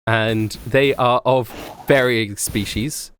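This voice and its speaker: A man narrating as game master of a tabletop game, animated and laughing often, with many fillers. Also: mid-range voice, slow pace, a little hiss or hum.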